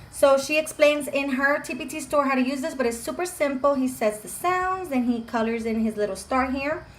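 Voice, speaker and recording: A woman's voice: high voice, a little hiss or hum. A woman, a homeschooling mom and channel host, chatting enthusiastically through a show-and-tell vlog at home. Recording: echoey room with faint ambience.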